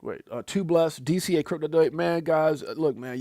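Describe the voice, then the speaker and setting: A man hosting a casual livestream, rambling and heartfelt, with preacher-like turns of phrase. His voice sits a little high. The sound is dry and close, with no room echo. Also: normal speed, warm tone. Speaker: crypto livestream host.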